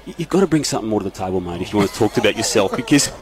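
A man's voice: lowish voice, expressive, racing. A man with an Australian accent on a radio footy panel, mock-roasting a colleague and laughing through his lines into a studio mic. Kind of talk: teasing studio banter. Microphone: studio microphone.

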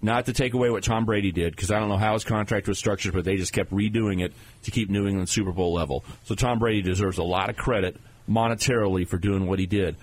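A man with a husky, slightly low voice co-hosts a sports talk show. He breaks down plays and contracts in a steady, analytical way. The feel stays casual and conversational. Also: fast talker, few pauses, poor audio. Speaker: sports radio co-host.

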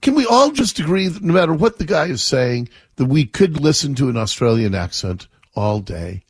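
A man's voice: a little high, big pitch swings, moderate pace, husky, dry recording. A man hosting a talk radio show, chatty and opinionated, setting up clips with his own asides. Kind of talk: casual talk radio commentary.

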